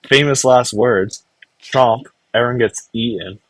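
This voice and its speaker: Casual male reviewer, middle pitch, dry sound, loose filler-heavy storytelling that slips into quick character bits. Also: fairly even intonation, no echo. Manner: rambling, filler-heavy, full of "like"; briefly acts out characters' lines. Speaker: anime reviewer. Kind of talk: casual episode recap.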